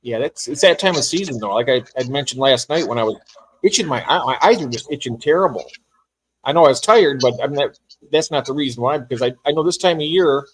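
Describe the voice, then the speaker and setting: A man who is a guest on a casual livestream, easygoing and rambling, quick to laugh at himself. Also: medium pitch, slightly rough, poor audio. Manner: easygoing, rambling, self-deprecating.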